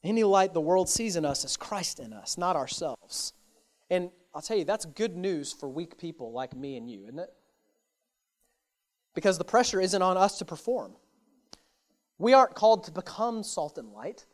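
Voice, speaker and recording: High-voiced male pastor preaching. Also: lively intonation, moderate pace. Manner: earnest preaching with repetition for emphasis. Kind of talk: sermon.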